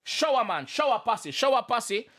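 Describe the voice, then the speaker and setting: A man with a Jamaican accent giving casual, animated reaction commentary, exclaiming and explaining lyrics. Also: very high-pitched, normal speed. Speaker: reaction video host.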